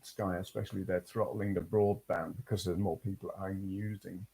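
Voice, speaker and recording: A man's voice: sits low, fairly even intonation, moderate pace, creaky, warm tone, breathy edge. An English man hosting a casual live stream, chatting loosely and reading out viewer comments.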